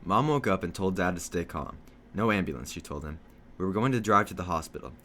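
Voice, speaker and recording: A man reading a novel aloud, telling a first-person story in a steady storytelling manner. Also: low voice, fast, slight background noise. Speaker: reader.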